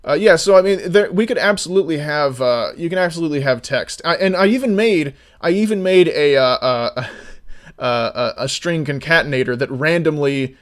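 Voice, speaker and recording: A man talking casually on a live stream, rambling with many restarts and sometimes getting loud and exasperated. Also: fairly high pitch, normal speed.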